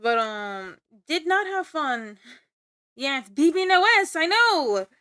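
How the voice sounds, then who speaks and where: A woman's voice: high-pitched, very animated, takes it slowly, sharp tone, no room sound, clean studio sound. A young woman streamer chatting playfully with her viewers, teasing and giggling as she talks. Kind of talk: casual chat with stream viewers.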